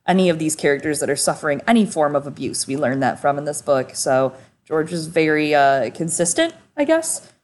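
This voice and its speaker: A woman's voice: low-pitched, sing-song, a little fast. A woman co-hosting a casual book discussion, chatty and full of "like" fillers. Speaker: podcast co-host.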